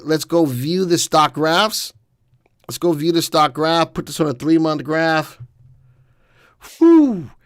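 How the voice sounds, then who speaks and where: A man hosting a live stock analysis webcast, walking viewers through charts with energetic, folksy commentary. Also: a little high, no room sound, clean studio sound. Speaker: stock market analysis host.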